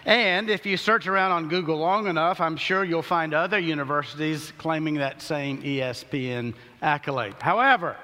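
Pastor preaching in a reverberant hall. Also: male voice, a little high, bright, forceful tone. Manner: earnest preaching with slow emphatic scripture reading. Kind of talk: sermon. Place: church sanctuary. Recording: long reverb of a large hall.

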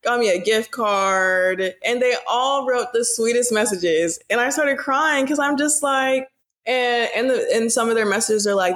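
A woman's voice: on the high side, animated, normal speed, fairly bright tone. Young woman, early twenties, earnest and emotional, casual chatty delivery. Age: young adult. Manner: emotional, earnest, many "like" fillers. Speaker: podcast guest, daughter. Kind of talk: casual family podcast chat.

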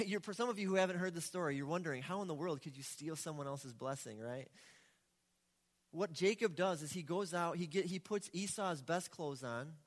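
A man's voice: on the high side, normal speed. A male pastor delivering a sermon, retelling a story in a casual, conversational way. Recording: echoey hall with long reverb.

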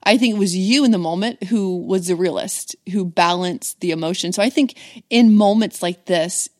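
A woman's voice: medium pitch, dry recording, studio quality. A woman co-hosting a casual talk show, speaking candidly and reflectively. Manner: candid, reflective, quick affirmations. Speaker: podcast co-host. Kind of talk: casual chat.

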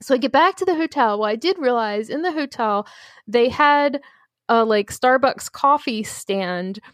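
A woman co-hosting a podcast, telling a long story in a rambling, animated way full of fillers. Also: fairly high pitch, measured pace, no room sound, clean studio sound. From United States. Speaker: podcast co-host. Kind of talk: casual chat.

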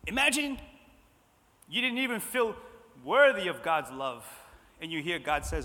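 Male preacher, bright and high-pitched, emphatic and then hushed in turns, sermon recorded in a reverberant sanctuary. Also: a little slow. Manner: repetitive, swings between loud emphasis and soft hushed lines. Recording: long hall reverb.

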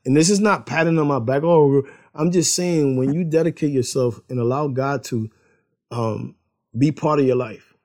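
A man's voice: on the high side, darkish tone. A man casually sharing a personal faith testimony, rambling, repeating words and laughing as he tells it.

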